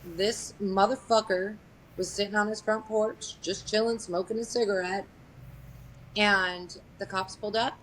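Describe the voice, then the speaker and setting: A woman's voice: mid-range voice, steady tone, a little slow, a bit bright, a little hiss or hum, poor audio. Blunt woman telling a story candidly. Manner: blunt, profane, matter-of-fact with frequent fillers. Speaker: guest sharing a family story.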